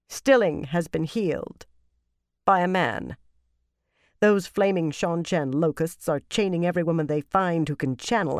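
A narrator voicing a harsh, foul-mouthed woman who leads a sisterhood, blunt and forceful in an audiobook. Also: mid-range voice, no echo, clean studio sound, close to an everyday voice. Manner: blunt and forceful, swearing often. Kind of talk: audiobook character reading.

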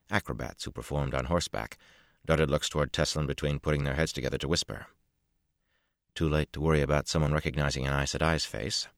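A man narrates a fantasy novel in a measured, even voice. His voice is extremely deep. The recording is dry and close. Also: no room sound. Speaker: audiobook narrator.

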